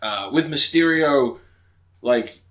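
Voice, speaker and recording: A man chatting casually as a podcast co-host. He rambles enthusiastically, restarts thoughts midstream and throws in the odd swear word. His voice sits at an ordinary middle pitch. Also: expressive, slow pace, fairly bright tone. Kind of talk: casual chat.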